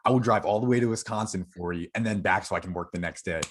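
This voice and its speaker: A young man from Florida, a podcast guest, candidly telling a personal story with halting restarts and many fillers. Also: low-pitched.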